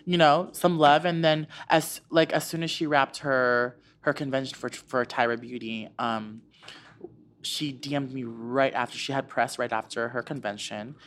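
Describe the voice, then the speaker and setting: A man's voice: mid-range voice, steady tone, moderate pace, a bit bright. Chatty man from Florida, guest storyteller. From United States, Florida. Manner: chatty, rambling, acts out quoted dialogue. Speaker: guest, beauty creator. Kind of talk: casual interview chat.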